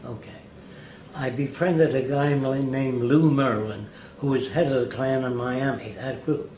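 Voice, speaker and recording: With a faint hiss below and a roomy echo around him, an older man rambles through anecdotes as an interview guest, acting out those he quotes. His voice is medium-pitched and darkish, with fairly even intonation and a measured pace.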